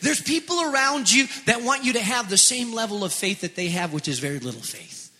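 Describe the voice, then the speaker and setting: High, bright-voiced man preaching in a hall. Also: expressive, brisk. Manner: impassioned preaching, repeating phrases. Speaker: pastor. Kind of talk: sermon. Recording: long echo of a large hall.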